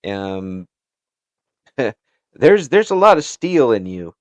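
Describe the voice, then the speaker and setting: American man hosting, lively halting voice. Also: mid-range voice, no echo, muffled recording. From United States. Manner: halting, many restarts, laughs often. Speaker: interview show host. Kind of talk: casual interview chat.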